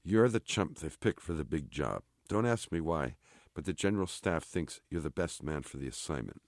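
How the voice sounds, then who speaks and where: A man reading aloud, voicing a chatty, bossy army sergeant in an offhand, brisk manner. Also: rumbling low, animated, no echo, studio quality. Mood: explaining. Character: gruff chatty male army sergeant, blunt.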